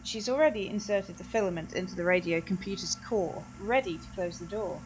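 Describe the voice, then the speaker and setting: A woman hosting a let's play, reading game narration aloud in a lively way. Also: on the low side, fairly quick, noisy background.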